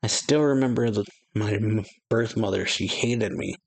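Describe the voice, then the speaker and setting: A man reading the lines of a rough, brash young male giant, in a blunt way. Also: on the low side, moderate pace.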